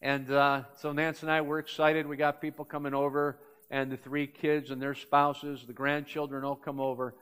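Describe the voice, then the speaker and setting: A man's voice: fairly high pitch, level tone, normal speed, fairly bright tone, clean tone. An older man preaching a sermon as pastor in a church, telling stories and building up to emphatic points.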